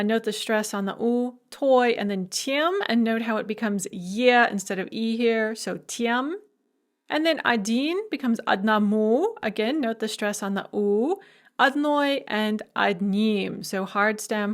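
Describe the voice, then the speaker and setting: A middle-aged woman with a slightly high voice delivers a recorded university language lecture into a close microphone. She works methodically through lists of word forms, naming each one in turn and pausing briefly between them.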